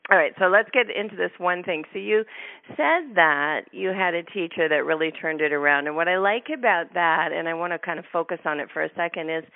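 A woman's voice: lowish voice, fairly quick, no room sound. Woman host talking over a phone line. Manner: warm, talkative, with laughs and restarts. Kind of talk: casual interview chat. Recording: tinny phone-line sound.

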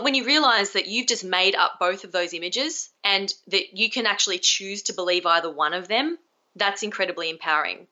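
A woman's voice: mid-range voice, fairly quick, pushed and bright, lo-fi sound. A young adult woman, a communication skills coach, being interviewed over a video call, talking energetically and acting out example phrases.

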